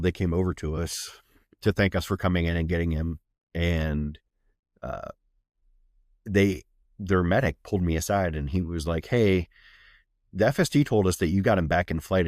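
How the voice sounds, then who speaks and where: Low-voiced man from Ohio, blunt profane medic storyteller, dry close podcast sound. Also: no echo. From Ohio, USA. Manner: blunt, profane, matter-of-fact war stories. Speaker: guest, flight medic. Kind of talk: casual storytelling in a podcast interview.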